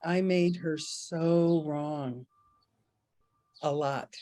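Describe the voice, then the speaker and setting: A woman's voice: sits low, steady tone, drawn-out words, mellow. A middle-aged woman giving a casual spiritual talk, candid and self-mocking, telling stories from her own life and laughing often. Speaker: spiritual teacher.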